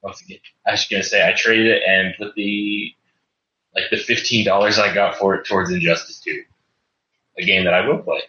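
A man talks through a roomy, dull-sounding line, his voice bright and forceful. He rambles and corrects himself mid-sentence in a loose, casual chat. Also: sits low, level tone, normal speed. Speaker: podcast guest player. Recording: echoey, muffled remote audio.

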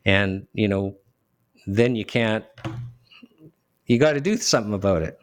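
A man's voice: lowish voice, no echo. Earnest man with a dry close sound. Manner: earnest, emotional, halting with restarts. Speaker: lawyer, guest. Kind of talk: casual interview talk.

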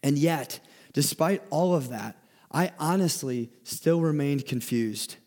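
Young guy giving a sermon, kinda high voice, earnest, keeps restarting words. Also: slow, darkish tone. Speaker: speaker giving a talk.

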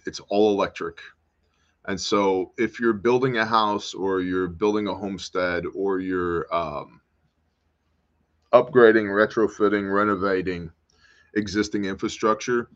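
Deep-voiced American male host, loose and jokey, reads chat aloud; dull lo-fi sound. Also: fairly bright tone. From United States. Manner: rambling, joking, responds to viewer comments. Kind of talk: casual livestream talk reading chat.

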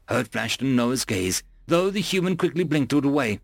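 Gravelly male audiobook narrator. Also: mid-range voice, expressive, normal speed, few pauses, dry recording. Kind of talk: scripted narration.

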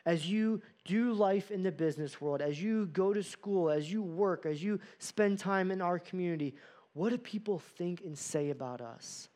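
A man's voice: high-pitched, moderate pace, warm tone. Man preaching a sermon, earnest. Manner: earnest, uses rhetorical questions and acted-out quotes. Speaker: pastor.

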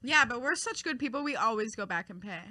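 A young woman co-hosting a podcast, bantering loudly and crudely with a friend. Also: fairly high pitch, lively intonation, fast talker, slight background noise. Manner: loud, crude, laughing banter. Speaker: podcast co-host. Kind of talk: casual chat.

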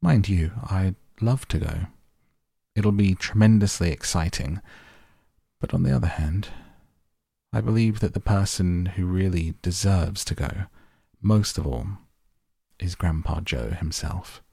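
Male reader doing a mild storybook father, soft-spoken, husky, dry. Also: sits low, no room sound, full character voice. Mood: gentle. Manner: gentle, measured. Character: gentle, thoughtful father, middle-aged.

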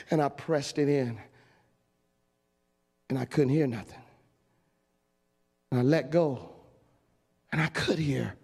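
A man preaching a lively storytelling sermon, shouting and laughing as he acts out the story. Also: a little high, creaky, slightly rough. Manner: animated, shouting and laughing while acting out a story. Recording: long echo of a large hall.

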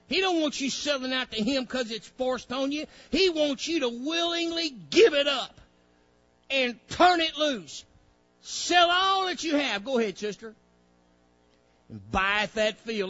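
A man's voice: very high-pitched, sharp tone, dull audio. A male preacher, delivering a fiery sermon with folksy grammar, directing a reader and acting out pleading voices.

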